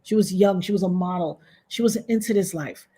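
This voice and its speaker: A woman from Trinidad, a guest on a video-call interview, telling a story in an animated way and acting out the voices of other people. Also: a little fast, husky. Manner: animated, acts out quoted voices with big pitch jumps.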